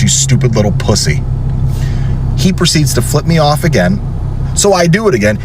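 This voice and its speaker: A man's voice: mid-range voice, background noise. A man from the Southern US telling a story in a heated, profane rant. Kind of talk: ranting storytelling.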